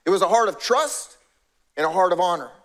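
A man's voice: sits high, lively intonation, fairly quick, a bit bright. A middle-aged male pastor preaching a conversational sermon, acting out the voices of biblical characters.

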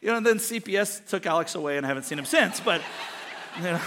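A man's voice: high-pitched, animated, quick pace, big-room sound, noisy background. A middle-aged man preaching a sermon as pastor, telling family stories with jokes and acting out quoted voices. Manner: storytelling, jokey, acts out quoted voices.

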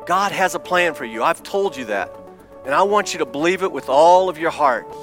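A man preaching an impassioned evangelistic sermon as a pastor in a church, swinging between shouts and hushed near-whispers. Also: fairly high pitch, animated, moderate pace, over music.

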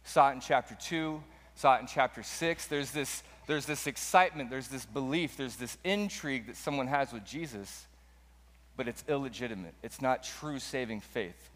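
A man's voice: mid-range voice, normal speed, fairly bright tone, big-room sound. A man preaching a sermon as pastor, earnest and emphatic, often repeating his points.

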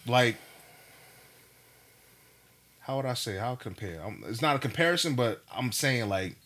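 A man telling a story in a casual chat, animated and profane, full of slang. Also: mid-range voice, unhurried.

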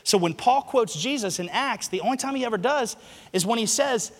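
A man preaching a sermon to a congregation, moving from quiet teaching to loud, shouted passages and asking the room to repeat lines after him. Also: very high voice, lively intonation, a little fast. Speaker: pastor. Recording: long hall reverb.

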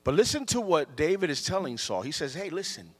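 Man preaching, lively storytelling, a bit high-pitched, long hall echo. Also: fairly quick, slightly rough. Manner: animated storytelling, repeats phrases. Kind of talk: sermon.

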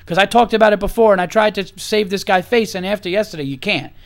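A man's voice: high voice, quick pace. A man hosting a podcast, ranting with heated, profane emphasis and repeating himself. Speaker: podcast host. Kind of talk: angry opinion rant.

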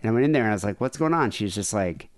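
A man's voice: lowish voice, rapid-fire, a little mellow. A man hosting a podcast, telling a rambling story in casual chat, laughing and acting out quotes in a raised voice. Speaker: podcast host.

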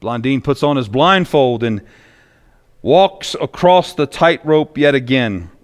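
A man's voice: medium pitch, expressive, slow. A male pastor preaching a sermon in a church, telling stories with emphatic repetition. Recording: long echoey reverb.

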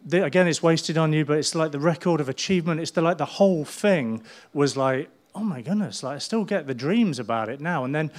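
A middle-aged man, preaching a sermon as a pastor in a lively storytelling manner. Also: a little high, a little fast, few pauses. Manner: animated storytelling, acting out people's voices.

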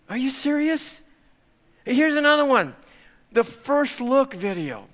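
Male pastor, middle-aged, high-pitched and bright; lively preacher who swings between soft asides and loud outbursts. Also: moderate pace. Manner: animated, swings from hushed to loud exclamations. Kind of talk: sermon.

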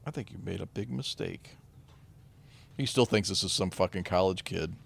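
Gravelly low-voiced wisecracking man. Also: moderate pace. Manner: dry, profane wisecracks. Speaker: podcast co-host. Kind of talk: casual movie commentary.

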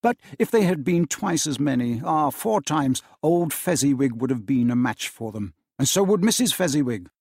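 Husky man reading with lively expression. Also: mid-range voice, normal speed, few pauses, dry recording, studio quality. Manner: animated, theatrical storytelling. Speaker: teacher reading aloud.

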